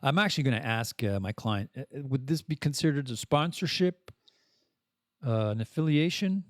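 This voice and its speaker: A man from Canada hosting a casual podcast monologue, rambling and self-deprecating, with animated swings in his voice. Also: mid-range voice, normal speed, no room sound, studio quality. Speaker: podcast host.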